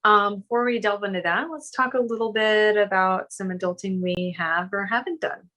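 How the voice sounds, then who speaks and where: A woman co-hosting a podcast, close on a studio microphone. She chats casually in a mid-pitched voice, laid-back and joking. She swears freely as she goes. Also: fairly even intonation, normal speed, sharp tone, low-quality recording. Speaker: podcast co-host. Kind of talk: casual chat.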